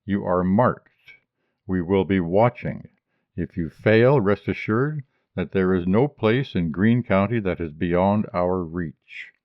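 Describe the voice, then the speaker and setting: Guy reading a grim hooded woman leader, guttural and growly, low and slow, dry dull sound. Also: no room sound. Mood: grim, commanding. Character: commanding woman night-rider speaking for avenging ghosts.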